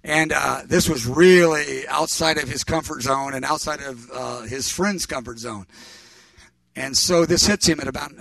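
A man preaching, telling a story in an animated, rambling way and correcting himself as he goes. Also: mid-range voice, a little slow, creaky, no echo, far from the mic. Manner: rambling, animated, self-correcting with fillers and restarts. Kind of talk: sermon storytelling.

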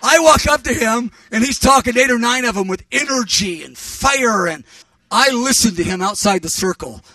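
Bright-voiced preacher man, rambling. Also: high-pitched, normal speed, dry recording, recorded from a distance. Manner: rambling, animated, self-correcting with fillers and restarts. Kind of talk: sermon storytelling.

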